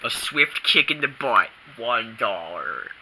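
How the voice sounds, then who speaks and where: Someone doing a deadpan cartoon tiger. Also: mid-range voice, takes it slowly, breathy edge, pitched below the performer's own voice, exaggerated voice, poor audio.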